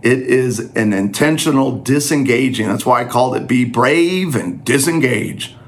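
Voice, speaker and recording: A man's voice: medium pitch, animated, moderate pace. Earnest man giving a faith-based teaching talk. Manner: earnest, conversational, self-deprecating. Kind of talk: sermon-style teaching talk.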